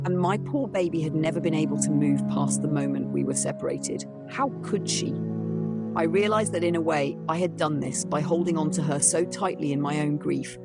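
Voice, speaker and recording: Gravelly woman narrating a ghost story. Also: deep voice. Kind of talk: scripted first-person horror narration. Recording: narration over music. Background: music.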